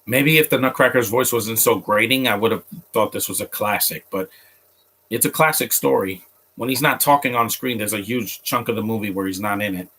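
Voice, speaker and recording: Man, casual streamer, rambling, talks straight to viewers, lowish pitch, forceful bright tone. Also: breathy edge. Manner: rambling, stumbles and restarts often; chats directly to viewers. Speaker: streamer reacting to a film. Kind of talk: casual live commentary.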